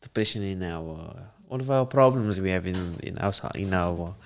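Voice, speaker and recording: A teenage boy talks casually on a student podcast. His pitch swings lively up and down as he halts and restarts. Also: normal speed. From South Africa. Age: teens. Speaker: student guest. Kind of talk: casual group chat.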